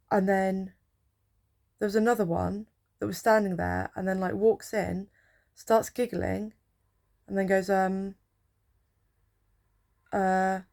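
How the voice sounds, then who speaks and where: A woman's voice: medium pitch, creaky, darkish tone. A young woman, a healthcare support worker, telling a rambling, chatty story while drowsy from painkillers. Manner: chatty, rambling, with filler words. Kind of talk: casual storytelling vlog.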